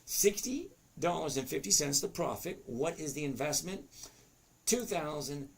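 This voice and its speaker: A little slow and gravelly, with a slightly high, cracking voice and lively intonation, a trading educator in his fifties chats through a live lesson. He reads viewer comments aloud and often breaks off mid-thought.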